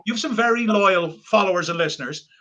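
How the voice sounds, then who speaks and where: A man's voice: sits high, quick pace, pushed and bright, dull audio. An Irish man, a comedian guest, joking and rambling through a casual chat. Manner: joking, rambling, full of asides and laughter.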